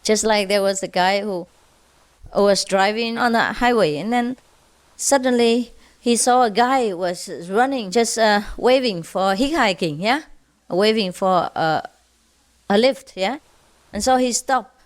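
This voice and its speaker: A woman telling jokes to an audience in a casual, unhurried way, often checking in with her listeners. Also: mid-range voice. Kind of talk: casual storytelling.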